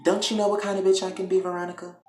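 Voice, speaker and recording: A man voicing a calm, menacing woman villain who speaks in a hushed, coolly threatening way. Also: sits high, very fast, pitched above the performer's own voice, natural voice. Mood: quietly menacing. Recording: echoey room.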